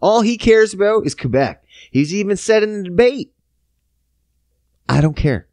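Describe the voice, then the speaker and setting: A man's voice: high voice, animated, normal speed, a little mellow, dry recording, studio quality. A man, hosting a podcast, ranting about politics, sarcastic and swearing constantly. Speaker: podcast host. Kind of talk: profane political rant.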